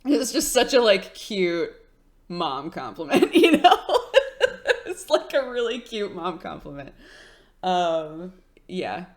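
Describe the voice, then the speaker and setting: Young woman streamer, chatty and giggly, lower-pitched voice with lively swings in intonation. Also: slow pace. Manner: chatty, giggly storytelling with many fillers. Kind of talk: casual chat with live chat.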